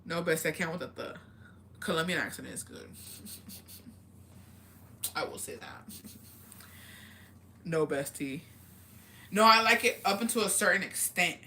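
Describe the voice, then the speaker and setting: Woman live-streaming, bright forceful voice, blunt and cussing, chatty comment-reading host. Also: fairly low pitch, animated, unhurried, long pauses, slight background noise. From Mexican heritage. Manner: blunt, profane, chatty, reads comments aloud. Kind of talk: casual live-stream chat.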